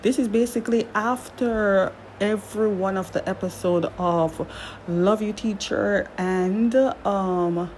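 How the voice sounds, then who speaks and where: A woman giving a casual recap of a drama series, chatty and animated, firing off indignant rhetorical questions and correcting herself as she goes. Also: medium pitch, slow, a little hiss or hum, rough recording. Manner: chatty, with frequent self-corrections.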